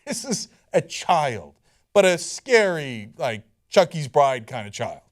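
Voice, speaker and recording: Man, political commentary host, sarcastic, incredulous, high lively voice. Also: takes it slowly.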